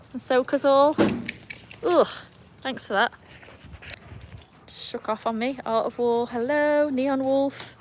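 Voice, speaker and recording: A woman's voice: a little high, slight background noise. A woman with an English accent hosting a live stream outdoors by a pool, chatting with viewers and talking to her dogs. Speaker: livestream host. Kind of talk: casual live chat. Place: outdoors beside a backyard pool in the rain. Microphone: phone. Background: faint rain and outdoor ambience.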